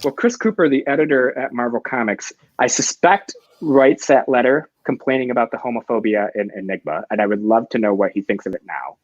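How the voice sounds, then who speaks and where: A man's voice: mid-range voice, brisk, hardly any pauses, no echo. A man hosting a comics chat, eager and rambling as he circles back over his own phrases. His voice sits mid-range and comes through dry with no room sound, on a dull, lo-fi recording. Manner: enthusiastic, rambling with restarts. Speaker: comics show host. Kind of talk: casual chat.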